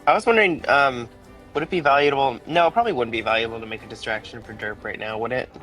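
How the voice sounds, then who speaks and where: A man playing in a tabletop game, animated and incredulous as he questions the others. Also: medium pitch, fast talker, soft background music, low-quality recording. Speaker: player. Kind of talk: casual tabletop play.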